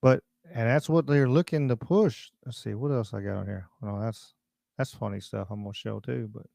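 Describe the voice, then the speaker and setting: A man hosts a livestream chat in a gravelly, dark-toned voice. He talks bluntly and rambles from point to point, reading out viewer comments. The sound is close and dry. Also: medium pitch, steady tone, moderate pace, no echo. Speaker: podcast host. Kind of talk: casual livestream talk.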